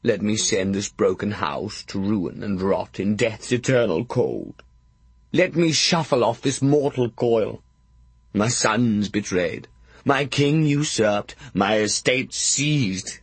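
A man voicing a melodramatic old blind earl in an audiobook, croaking and lamenting slowly. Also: medium pitch, animated, dry recording. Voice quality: croaking, theatrical wailing. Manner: slow, drawn-out lamenting. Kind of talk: audiobook character voice.

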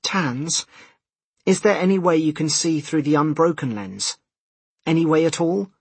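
A man with a husky voice voicing an anxious, fidgety woman who keeps asking nervous questions, in an audiobook reading. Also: low-pitched, a little slow, dry recording, voice pushed up, exaggerated voice. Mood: pleading. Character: anxious, fidgety woman, a mother on a tense drive.

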